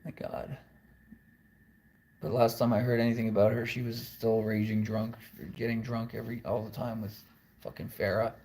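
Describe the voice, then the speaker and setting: A man's voice: fairly low pitch, little pitch movement, moderate pace, darkish tone. A man rambling through a confessional video monologue, blunt and profane, wandering from thought to thought. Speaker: musician vlogger.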